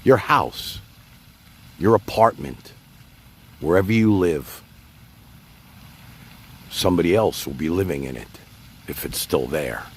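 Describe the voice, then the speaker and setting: A man's voice: low-pitched, lively intonation, takes it slowly, pauses often, breathy edge. A man hosting his own livestream, rambling casually and talking straight to his chat. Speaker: livestream host.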